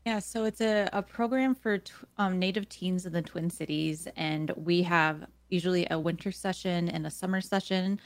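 A woman's voice: fairly low pitch, fairly even intonation, moderate pace, few pauses, dry recording. A woman from Minnesota, a program manager guest on a radio show, talking casually and laughing often. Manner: friendly, laughs often, informal fillers.

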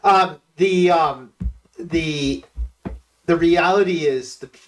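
A man's voice: fairly high pitch, slow pace, far from the mic, soft background music, poor audio. A man appearing as a political consultant guest on a talk radio show, hesitant and full of ums. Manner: distracted, hesitant, lots of ums. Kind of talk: casual political radio chat.

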